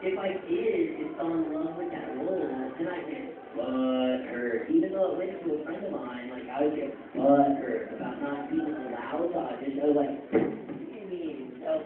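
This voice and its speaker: A man telling animated stories as a voice actor guest at a convention panel, laughing and quoting others. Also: fairly high pitch, background noise. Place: large convention panel room. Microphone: phone in the audience. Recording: echoey hall, tinny phone recording from far off.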